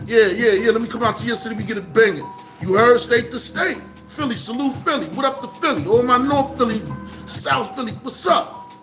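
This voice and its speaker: Brooklyn guy vlogging, very high voice, animated shout-outs, music clearly playing behind. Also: fairly quick. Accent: New York, Brooklyn. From Brooklyn, New York. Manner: animated, repetitive shout-outs and street slang. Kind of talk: casual direct-to-camera monologue.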